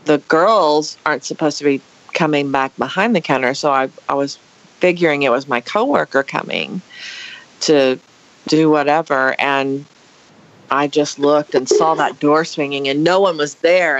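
A woman telling a personal story in a casual, animated and dramatic way. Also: deep voice, muffled recording. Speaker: guest storyteller.

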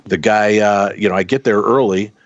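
A middle-aged man tells a long personal story in a casual, animated way, acting out the people he met. His voice sits low. The sound is dry and a little muffled. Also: normal speed, no echo. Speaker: podcast guest telling a story. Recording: dull, dry close sound.

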